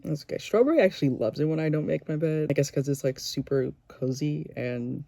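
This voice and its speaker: A woman's voice: low-pitched, fairly quick, creaky, warm tone, dry recording. A young woman in a casual, chatty reading vlog, talking into a phone she holds, with lots of "like" fillers. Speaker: book vlogger. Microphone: phone held by hand.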